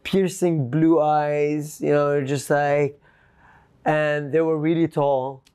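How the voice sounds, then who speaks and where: Give me a man with a smooth, fairly high voice, rambling through a story on a podcast. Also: takes it slowly. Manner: animated, rambling, laughs often, fillers like "like" and "you know". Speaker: podcast guest. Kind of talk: casual storytelling.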